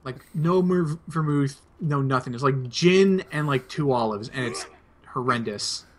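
A man's voice: mid-range voice, measured pace. A young man, host of a two-player gameplay video, casually rambling through a personal anecdote. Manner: rambling anecdote, laid-back. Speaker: let's play host.

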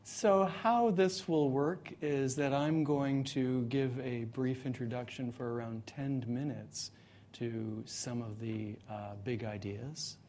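A man presenting at a meetup, telling a joke and then explaining his ideas in a measured way. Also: mid-range voice, slight background noise. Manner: relaxed joking storyteller, then measured explainer. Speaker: presenter, guest speaker. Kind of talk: live talk at a meetup. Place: meetup room in front of an audience.

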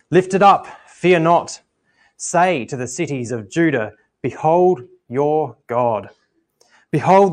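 A man preaching a communion sermon at church and reading scripture aloud in a measured, earnest way. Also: mid-range voice.

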